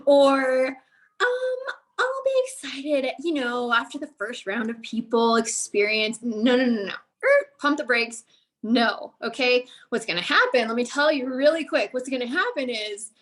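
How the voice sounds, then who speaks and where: Upbeat female motivational speaker, high voice, slightly winded, coaching tone, peppered with "okay?". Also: a bit bright. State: out of breath. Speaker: guest speaker on a sales team call. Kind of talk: energetic motivational talk.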